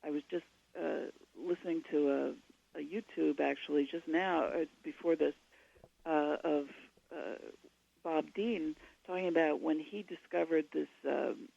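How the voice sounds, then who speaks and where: A woman with a gravelly, mellow voice talks through her ideas at length, wandering from point to point as she explains. The sound is dry and dull, like lo-fi radio audio. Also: deep voice, steady tone, a little slow. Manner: long, digressive explanations. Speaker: guest author.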